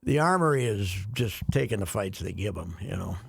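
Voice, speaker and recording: Older man, gravelly rambling storyteller. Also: fairly low pitch, animated, fairly quick. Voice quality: gravelly, husky. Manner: rambling storyteller, chuckling, many restarts. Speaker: radio show regular. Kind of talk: casual radio chat.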